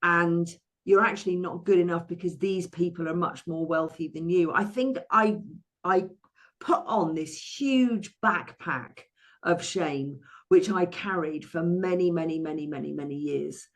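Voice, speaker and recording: In a lowish, unhurried voice, a woman from England in her sixties, who is a therapist and money coach, tells the story of her life during an interview. She keeps it lively, frequently starting over mid-thought and slipping into playful acted-out quotes.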